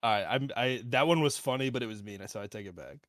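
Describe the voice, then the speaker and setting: A man's voice: mid-range voice, animated, fast talker, fairly bright tone, dry recording, studio quality. A man hosting a podcast in casual chat, tipsy, swearing and laughing often. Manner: profane, laughs often, joking. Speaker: podcast host.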